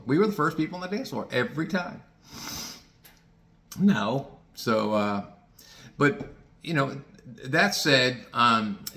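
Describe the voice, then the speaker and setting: A man's voice: medium pitch, pushed and bright. A man in his sixties telling rambling personal stories to his viewers, folksy and digressive, swearing casually. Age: 60s. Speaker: vlogger.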